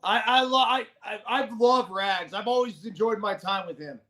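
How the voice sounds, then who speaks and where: A man co-hosting a podcast, telling stories in an animated, profane way and acting out the quotes. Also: sits high, moderate pace. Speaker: podcast co-host, former ballplayer. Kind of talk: casual storytelling chat.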